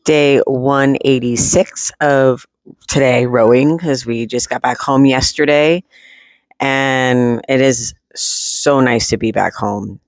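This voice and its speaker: A man's voice: mid-range voice, takes it slowly, no room sound. A man talking at home in a rambling, casual video diary, full of fillers and restarts, with the odd swear word. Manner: candid, with occasional swearing. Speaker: vlogger.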